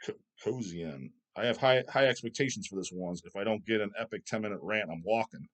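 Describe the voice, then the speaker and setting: A man's voice: lowish voice, brisk. A man hosting his own video channel, ranting and swearing constantly in a mocking, scornful way. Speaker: channel host. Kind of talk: profane rant vlog.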